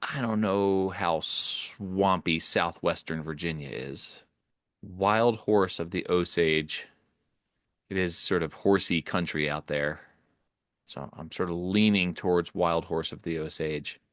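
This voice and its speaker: Easygoing male co-host, lowish voice, thinks out loud, dry close recording. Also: slow pace, no echo. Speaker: podcast co-host. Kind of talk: casual chat.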